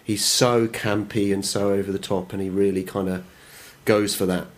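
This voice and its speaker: Deep-voiced man, dry and probing. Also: little pitch movement, moderate pace. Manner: dry, probing, teasing questions. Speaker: podcast host, interviewer. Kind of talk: conversational interview.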